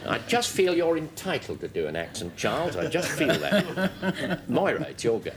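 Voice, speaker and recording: A middle-aged man hosting a panel game show, brisk and dryly amused. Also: a little high, very animated, crowd noise. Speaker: quiz show host.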